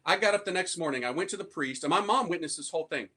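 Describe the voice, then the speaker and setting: A priest from the United States tells his conversion story to a live audience in a loose, slangy, animated way. His voice sits a little high for a man and rings bright and forceful. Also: quick pace, husky. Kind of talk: conversion testimony talk to an audience.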